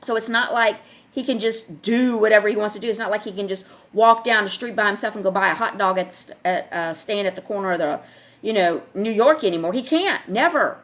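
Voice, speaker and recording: A woman's voice: mid-range voice, fairly even intonation, a little fast. Emphatic woman vlogger talking to viewers. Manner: emphatic, repetitive, checks in with "all right?". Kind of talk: casual monologue to viewers.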